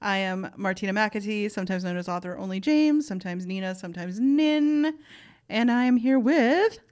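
A woman's voice: medium pitch, lively intonation, moderate pace, a little mellow. A woman co-hosting a casual podcast, bantering and giggling, sometimes reading posts aloud. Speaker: podcast co-host.

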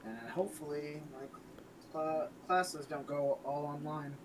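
A young man co-hosting a casual podcast, hesitant, with many pauses and trailing sentences. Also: fairly high pitch, fairly even intonation, a little hiss or hum, rough recording. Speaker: podcast co-host.

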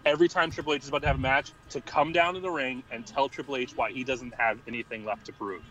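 A man's voice: mid-range voice, fairly even intonation, fast talker, pushed and bright, poor audio. A young man co-hosting a wrestling podcast in casual chat, rambling and laughing often as he talks. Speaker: podcast co-host.

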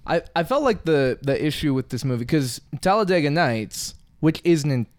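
A man's voice: on the high side, sing-song, moderate pace, no echo, studio quality. A man co-hosting a podcast, chatting casually about a movie and thinking aloud in a hesitant way. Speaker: podcast co-host. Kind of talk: casual movie-review chat.

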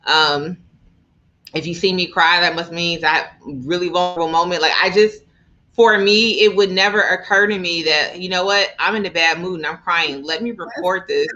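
A woman co-hosting a casual chat, animated and chatty, with frequent laughs. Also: lowish voice, moderate pace. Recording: slightly dull, lo-fi sound.

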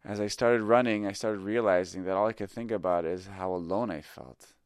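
A man's voice: on the low side, normal speed, clean tone, no room sound, studio quality. A middle-aged man who teaches improv tells a personal story in a reflective, candid and self-critical way. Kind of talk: confessional storytelling.

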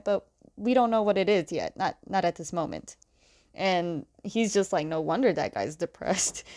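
A woman's voice: medium pitch, clear, resonant tone. A young woman casually retelling a comic's plot, chatty, with fillers and giggles. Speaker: comic recap host.

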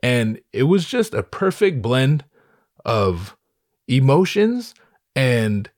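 A man's voice: mid-range voice, very animated, takes it slowly, a little mellow, no echo, studio quality. A man in his thirties talking in a casual solo monologue, rambling and swearing, with frequent stammered restarts.

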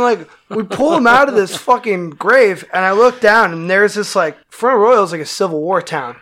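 A man, a band musician, telling a wild story in casual, profane talk, acting out the quotes loudly. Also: high-pitched, expressive, moderate pace, hardly any pauses.

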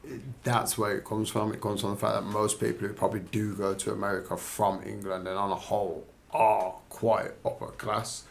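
A man's voice: on the low side, flat delivery, moderate pace, gravelly, few pauses, slight background noise. Earnest man laying out a theory. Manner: explains his theories at length, earnest. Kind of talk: casual podcast chat.

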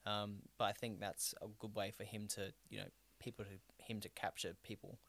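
A man's voice: on the low side, level tone, normal speed, vocal fry, a bit bright. An Australian man co-hosting a podcast in casual chat, rambling with lots of fillers and restarts and swearing freely. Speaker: podcast co-host.

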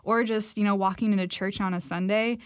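A young woman co-hosts a relaxed faith conversation over a call. She sounds eager and chatty and leans on "like" as a filler. Her voice sits in a middle pitch and the sound is dry and close. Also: brisk, no room sound. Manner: enthusiastic, many "like" fillers. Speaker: podcast co-host. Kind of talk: casual faith-based conversation.

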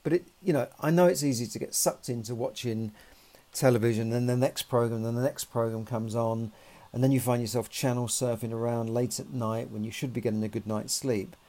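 A man's voice: medium pitch, steady tone, fairly quick, mellow. A man, talking in a rambling, conversational monologue full of "you know" and restarts. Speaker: podcast host. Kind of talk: casual monologue.

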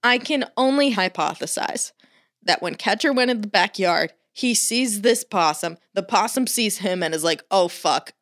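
Profane, animated woman telling a story. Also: mid-range voice, moderate pace. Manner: animated, swears a lot, acts out quotes.

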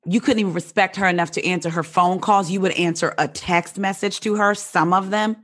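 A woman with a mid-pitched voice talks casually and tells her story with animated delivery. She is married and chats in a lively, conversational way. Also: brisk. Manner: animated storyteller, acts out quotes. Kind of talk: casual chat.

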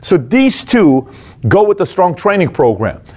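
A man's voice: high-pitched, sing-song, a little slow, a little mellow. A man who leads a company, giving a motivational business talk in a direct, punchy way, full of rhetorical questions. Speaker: business leader teaching management.

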